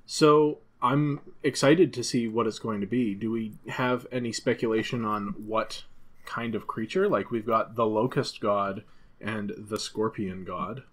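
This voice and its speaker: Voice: medium pitch, fairly even intonation, measured pace, slightly rough. A podcast co-host in casual chat who thinks aloud, with frequent fillers and restarts. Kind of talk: casual podcast chat about a card game.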